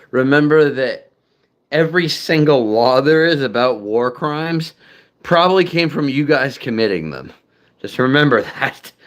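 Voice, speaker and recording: Casual male streamer, middle pitch, meandering and crude, self-mocking chat. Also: fairly bright tone. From United States. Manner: rambling, profane, self-deprecating, many fillers. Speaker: streamer chatting with viewers.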